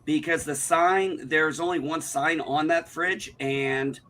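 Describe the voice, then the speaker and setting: A man's voice: on the high side, takes it slowly, a bit bright. A man, telling an indignant, profane story in casual chat on a livestream. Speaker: livestream co-host.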